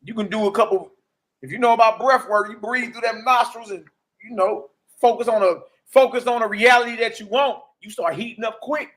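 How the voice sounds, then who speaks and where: A man in his forties giving a casual, preachy testimony as a livestream host, slangy and animated, often asking "you dig?". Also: very high voice, a little fast. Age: 40s.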